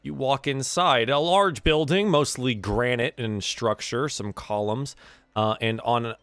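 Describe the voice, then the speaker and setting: A man's voice: fairly low pitch, a bit bright, no room sound. A man narrating as game master in a tabletop game, casual and full of fillers.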